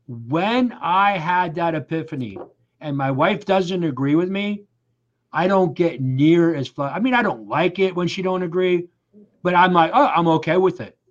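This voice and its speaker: Emphatic man in his sixties, lo-fi. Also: on the high side. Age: 60s. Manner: emphatic, storytelling, acts out quoted voices. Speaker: life coach. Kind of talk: casual podcast conversation.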